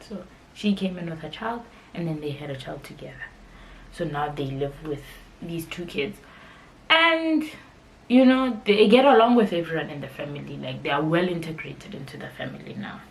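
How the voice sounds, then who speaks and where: This low-pitched young woman, a podcast host, recounts something personal in a frank, conversational style with occasional emotion. The recording is low quality, with slight background noise.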